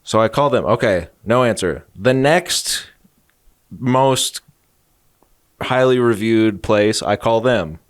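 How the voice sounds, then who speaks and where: A man's voice: lowish voice, takes it slowly, no echo. Rambling jokey man, dry close sound. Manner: rambling storyteller, jokey asides. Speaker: podcast co-host. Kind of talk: casual comedic chat.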